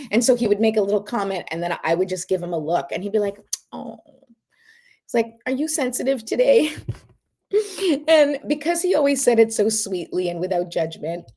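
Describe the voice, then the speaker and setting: A woman's voice: mid-range voice, a little mellow. A woman hosting a casual livestream, chatting with viewers and leading a guided breathing ritual in an encouraging way. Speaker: host.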